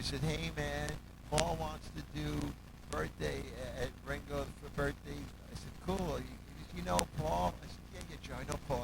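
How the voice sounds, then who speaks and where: A male musical director tells stories in a loose interview. He jumps into different voices for the people in them and counts out beats. There is clear background noise in the recording. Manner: animated, acts out quotes, hums bass lines and counts beats. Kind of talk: casual storytelling interview.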